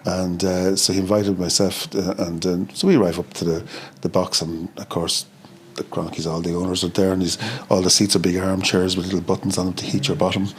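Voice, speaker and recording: A middle-aged Irish man chatting as a podcast guest, starting and restarting phrases, and lively when he acts out what others said. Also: low-pitched, slight background noise. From Ireland. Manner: halting, repeats words, animated when quoting others. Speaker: podcast guest, chip shop co-founder. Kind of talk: casual interview storytelling.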